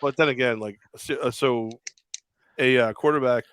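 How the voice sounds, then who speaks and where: Animated man telling sports stories. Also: mid-range voice, normal speed, smooth, dry recording. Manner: animated storyteller, acts out quotes. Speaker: podcast co-host. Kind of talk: casual sports chat.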